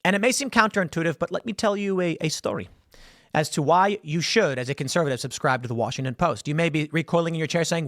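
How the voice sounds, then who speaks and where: A man's voice: fairly high pitch, quick pace, fairly bright tone, no room sound. Dry-miked man telling a story. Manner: conversational storytelling, acts out quotes. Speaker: political commentary host. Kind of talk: solo political commentary.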